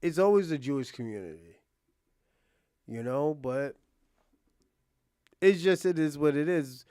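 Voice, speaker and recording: A young man casually commenting on an interview clip, rambling and thinking out loud with many restarts. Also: on the high side, expressive, a little slow, clear, resonant tone, dry recording, clean studio sound. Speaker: reaction streamer.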